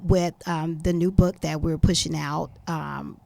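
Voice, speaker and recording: A woman's voice: low voice, steady tone, unhurried, creaky, warm tone. A woman guest on a podcast, with a slight lisp, telling her story earnestly and growing emphatic. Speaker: guest, etiquette school founder. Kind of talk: casual podcast interview.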